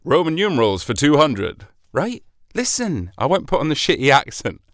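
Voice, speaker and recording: A man's voice: fairly high pitch, very animated, normal speed, a bit bright, no echo, clean studio sound. Chatty British man hosting a podcast. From Britain. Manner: chatty, rambling, self-deprecating with swearing. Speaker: podcast host. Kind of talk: solo podcast monologue.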